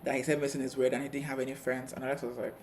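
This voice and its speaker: A man co-hosting a casual TV review chat, retelling scenes with quick asides. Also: mid-range voice, level tone, a little mellow, a little hiss or hum. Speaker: co-host of a TV review channel.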